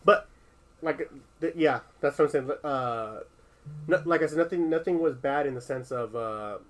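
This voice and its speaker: A man's voice: on the high side, moderate pace, poor audio. A man in a casual conversation, thinking aloud with many restarts, fillers and some swearing. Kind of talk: casual discussion.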